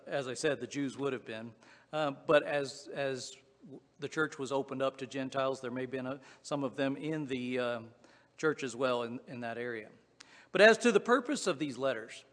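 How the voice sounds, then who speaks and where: A man's voice: medium pitch, fairly bright tone, long reverb tail. A man with a Southwest Virginia accent preaching a sermon in a folksy, conversational way, with frequent restarts and fillers. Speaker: pastor.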